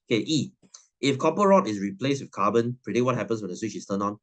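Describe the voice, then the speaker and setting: A man's voice: fairly low pitch, animated, quick pace. A man, teaching a science class in a chatty, teasing way and laughing often. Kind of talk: classroom lesson.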